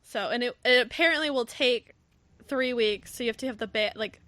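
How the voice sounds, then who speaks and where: A woman's voice: fairly quick, no echo. A woman hosting a podcast, chatting casually about a book and acting out its lines with big swings in her voice. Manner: animated, acts out quotes with big pitch jumps. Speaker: podcast host. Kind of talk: casual book discussion chat.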